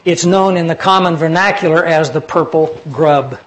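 A man preaching a sermon, earnestly explaining scripture and dropping his voice low for personal stories. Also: normal speed, poor audio. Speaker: pastor.

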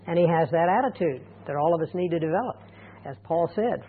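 A middle-aged man preaching a sermon as a pastor, earnest and deliberate, slowing down to stress key points. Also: fairly high pitch, expressive, breathy edge. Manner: earnest, deliberate, slows down for emphasis. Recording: tinny phone-like radio broadcast.

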